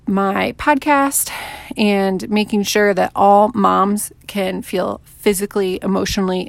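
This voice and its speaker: A woman in her thirties hosting her own podcast, telling her personal story in a candid, conversational way with frequent fillers. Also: medium pitch. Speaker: podcast host.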